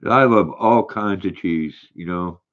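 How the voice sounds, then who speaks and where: Rambling grandpa. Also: male voice, deep voice, highs cut off. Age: older. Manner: rambling, halting, reads viewer comments aloud. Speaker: livestream host reading chat. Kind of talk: casual livestream chat.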